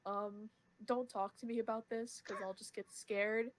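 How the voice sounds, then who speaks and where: A woman's voice: a little high, little pitch movement, a little slow, slight background noise. Giggly teenage girl rambling. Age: teens. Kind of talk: casual chat.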